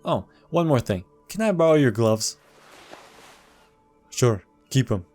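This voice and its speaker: A man's voice: medium pitch, very animated, slow pace, darkish tone, soft background music. A man casually commenting on a video game walkthrough, reading the game's text aloud and adding dry jokes.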